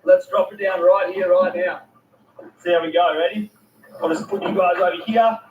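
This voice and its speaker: A man's voice: high voice, steady tone, normal speed, phone-quality sound. A young Australian man enthusiastically narrating his fishing vlog from a boat at sea, full of exclamations and slang. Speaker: fishing vlogger. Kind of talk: excited outdoor vlog commentary. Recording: distant, echoey mic.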